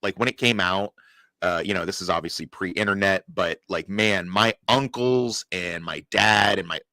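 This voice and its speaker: A man co-hosting a casual podcast chat, opinionated, animated and swearing freely. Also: low-pitched, moderate pace, no room sound. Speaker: podcast co-host.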